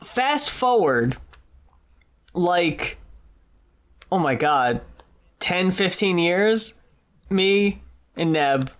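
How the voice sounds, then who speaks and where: A podcast co-host telling a story in casual chat, animated and swearing freely. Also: medium pitch, extremely slow, long pauses. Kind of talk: casual chat about music.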